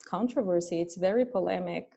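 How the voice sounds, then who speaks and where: A woman's voice: on the low side, vocal fry, dark tone, husky. A woman English teacher hosting an online class, explaining in casual chat. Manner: explains slowly, with frequent laughs. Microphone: video call. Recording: dull lo-fi video call audio.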